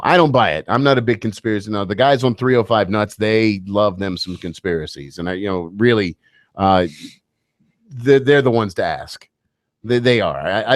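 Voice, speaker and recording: A man's voice: on the low side, no echo. A man hosting a radio talk show, bantering casually with wry, joking asides.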